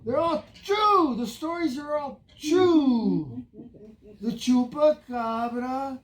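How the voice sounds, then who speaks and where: Stage role: a woman playing a stubborn old teller of spooky tales, very slow, drawling, Spanish words woven in. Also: on the low side, expressive, a little mellow, a little hiss or hum. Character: older Spanish-speaking storyteller, stubborn, spins spooky tales. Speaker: old storyteller in a stage play. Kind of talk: live stage acting.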